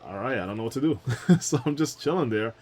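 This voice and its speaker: A man's voice: medium pitch, lively intonation, quick pace, a little mellow, a little hiss or hum. Chatty young male game streamer. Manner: rambling, chatty anecdotes with frequent laughs and fillers. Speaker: gaming streamer. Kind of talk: casual let's-play storytelling.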